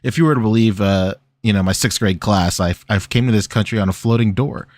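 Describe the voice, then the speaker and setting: A man's voice: lowish voice, a little fast, no echo. Dry-sounding laughing male podcaster. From Philippines. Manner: animated storyteller, laughs often. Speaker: podcast co-host. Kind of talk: casual chat.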